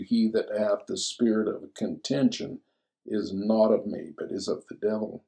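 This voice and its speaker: A man's voice: fairly low pitch, warm tone, low-quality recording. A man giving a sermon-style commentary, reading scripture verses aloud and then explaining them. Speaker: scripture teacher.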